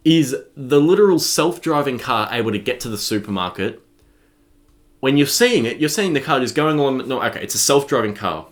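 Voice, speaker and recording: A man's voice: medium pitch, a bit bright. A young man, ranting in an exasperated, profane film review. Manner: exasperated, profane, swears freely.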